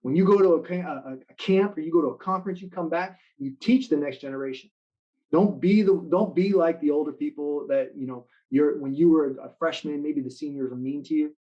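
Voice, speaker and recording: A man giving a motivational talk to students in an online live session, telling stories with lively acted-out quotes. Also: a little high, a little fast, highs cut off. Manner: animated storytelling, acting out quoted lines. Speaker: motivational speaker.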